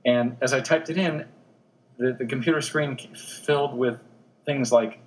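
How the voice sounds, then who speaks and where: A man who is a newspaper obituary editor, a guest in an interview, telling anecdotes in an animated way with frequent restarts. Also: mid-range voice, moderate pace, rough recording.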